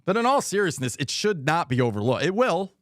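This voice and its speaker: A man's voice: on the high side, sing-song, fairly quick, a bit bright, no room sound, clean studio sound. A man hosting a live football watch party stream, giving rambling, frustrated commentary on plays and reading viewer comments aloud. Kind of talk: live game commentary and chat.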